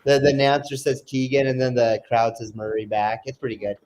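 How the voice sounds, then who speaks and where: Relaxed guy co-hosting a game stream, middle voice, calls plays, laughs a lot. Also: medium pitch, a little fast. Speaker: co-host. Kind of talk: casual live game commentary.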